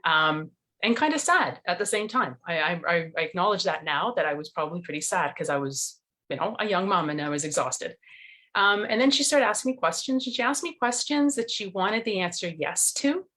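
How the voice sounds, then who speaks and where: A woman's voice: lowish voice, lively intonation, moderate pace, a bit bright. A middle-aged woman, a nutrition coach, telling her story earnestly in an interview over a video call.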